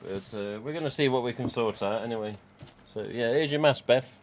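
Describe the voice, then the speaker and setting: A man's voice: medium pitch, fairly quick, a little hiss or hum. A man, casually chatting and rambling on a live stream from home. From England. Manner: rambling, chatty, reads out chat.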